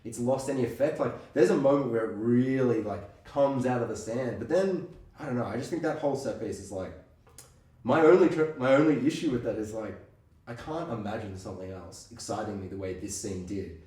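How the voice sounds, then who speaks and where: A man co-hosting a podcast, chatting casually and acting out scenes with quick impressions. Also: medium pitch, distant mic. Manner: animated, acts out scenes in quick impressions, swears. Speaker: podcast co-host. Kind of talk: casual chat. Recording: echoey room, off-mic.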